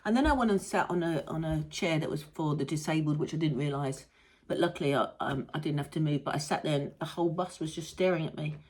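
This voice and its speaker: A woman's voice: deep voice, fast talker. A middle-aged British woman with a rambling, chatty manner and mild swearing, hosting a casual monologue. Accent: British English. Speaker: host. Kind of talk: casual chat.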